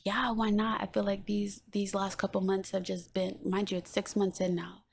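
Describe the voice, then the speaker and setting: Gravelly-voiced woman telling a story. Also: medium pitch, moderate pace, a little hiss or hum. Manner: animated, acts out quoted dialogue. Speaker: podcast guest. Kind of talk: casual storytelling.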